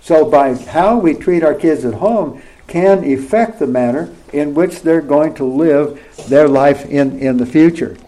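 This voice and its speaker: Over a rough recording, a middle-aged preacher speaks in a slightly high, mellow voice at a measured pace. His sermon is conversational, often punctuated by rhetorical questions to his listeners.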